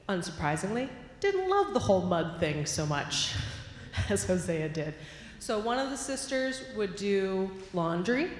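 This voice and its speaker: A woman minister telling a story in a sermon, playful and animated, in a church sanctuary. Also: mid-range voice, slight background noise. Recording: echoey hall with long reverb, faint ambience.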